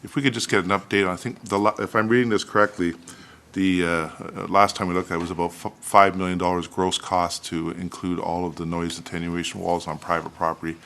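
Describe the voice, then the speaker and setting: A man's voice: low-pitched, level tone, a little fast, fairly bright tone. A man, a councillor, politely asking staff for an update during a council meeting, with frequent fillers. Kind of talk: council debate.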